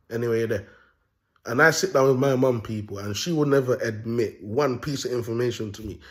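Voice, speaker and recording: At a medium pitch, a young man riffs unscripted as a self-appointed prophet. He's brash and raw, speaking street slang and repeating himself as he rambles.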